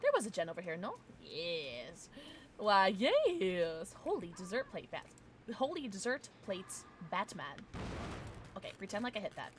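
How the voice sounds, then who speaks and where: A woman's voice: mid-range voice, wildly swooping pitch, normal speed, slight background noise. A young woman streaming a game, chatting casually with her viewers and reacting with frequent giggles. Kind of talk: casual gaming livestream chat.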